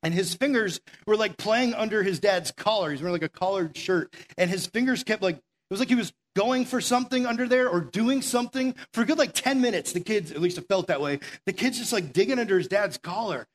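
A man's voice: high-pitched, animated, a little fast, few pauses. A young man giving a casual youth sermon, telling stories in a chatty way full of "like" and "right?". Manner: chatty storytelling, lots of "like" and "right?". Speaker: youth pastor. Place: church meeting room.

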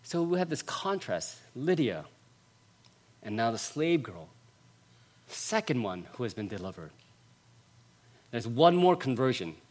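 A male pastor preaching a sermon, stressing points by repeating phrases and swinging between loud passages and hushed ones. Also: mid-range voice.

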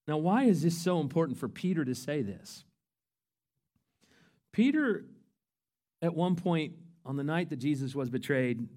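A pastor preaching a sermon with passion, swinging between hushed moments and loud emphasis. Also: male voice, a little high.

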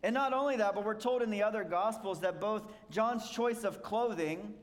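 A man's voice: high voice, moderate pace, in a large hall. A man preaching a sermon, explaining scripture in a conversational way and asking rhetorical questions. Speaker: pastor.

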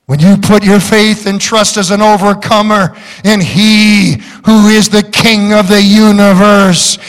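A man preaching a fiery sermon as pastor, building to shouts. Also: high-pitched, little pitch movement, unhurried. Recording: large hall reverb.

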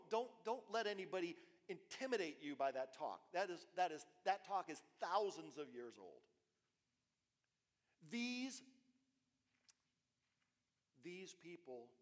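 A man preaching a sermon as pastor, animated and repetitive, dropping suddenly soft between louder phrases. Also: on the high side. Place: church. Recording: long reverb of a church hall.

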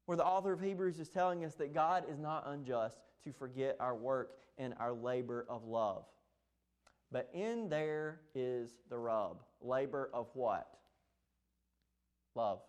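A man preaching a sermon as pastor, emphatic, with sharp rises and drops in his voice. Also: mid-range voice, a little slow. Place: church sanctuary.

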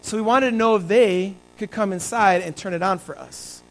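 A man's voice: high-pitched, normal speed, a bit bright, a little hiss or hum, poor audio. A male pastor preaching a conversational sermon and telling stories to his congregation.

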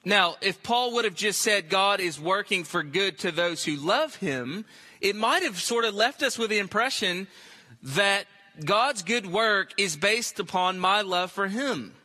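High, bright-voiced preaching man. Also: expressive, measured pace. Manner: emphatic, repeats phrases for stress. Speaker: pastor. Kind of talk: sermon.

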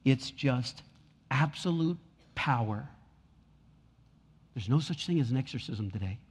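A man's voice: medium pitch, lively intonation, a little slow, husky. A man pastor preaching a sermon in a church, repeating lines and building in force. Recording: long hall reverb.

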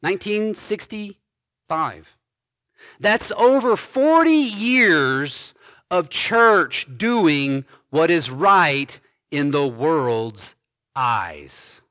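Male pastor, sermon delivery, deliberate slow pace, dry close sound. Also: a little high, big pitch swings, sharp tone, no room sound. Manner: slow, emphatic preaching with repeated phrases.

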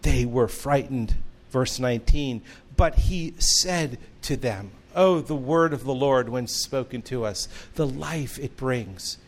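A man's voice: medium pitch, slow pace, hardly any pauses. A man preaching a sermon, earnest and storytelling, with humorous asides. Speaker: pastor.

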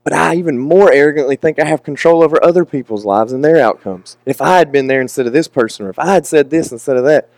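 A man's voice: fairly high pitch, quick pace, few pauses, darkish tone, no room sound. Emotional young male preacher, candid. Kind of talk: sermon.

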